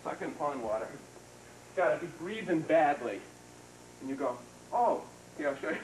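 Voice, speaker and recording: A slightly high, very animated male voice belongs to a karate instructor teaching a seminar at a moderate pace. He demonstrates moves, chats casually, and coaches with quick praise, heard through a distant mic in an echoey hall on noisy 1990s video.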